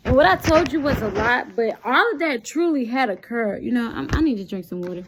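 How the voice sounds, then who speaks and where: A young woman telling a storytime vlog, animated and constantly addressing her viewers directly. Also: fairly high pitch, brisk, noisy background. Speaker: vlogger.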